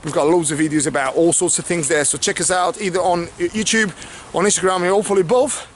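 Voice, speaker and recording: Man with a high voice, fitness trainer, rapid casual talk to camera, faint background hum. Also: fairly even intonation. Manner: fast, repeats "okay" and "obviously".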